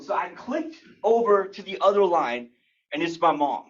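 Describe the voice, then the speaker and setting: A young man giving a humorous personal story speech at a speaking club, animated and acting out the scenes. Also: high voice, moderate pace. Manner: animated, acts out scenes and sound effects. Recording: dull lo-fi recording.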